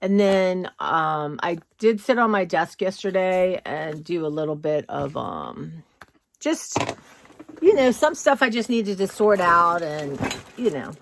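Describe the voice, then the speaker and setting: A woman's voice: on the low side, very animated, slow. A woman vlogging casually from her home, chatty and rambling, often saying "y'all". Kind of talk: casual chat. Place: home, indoors.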